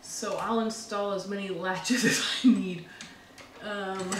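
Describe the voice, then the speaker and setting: A woman's voice: medium pitch, fairly even intonation, slow, heavy background noise. A young woman from Canada narrating a home renovation vlog in a chatty, upbeat way with small laughs. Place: old house, indoors.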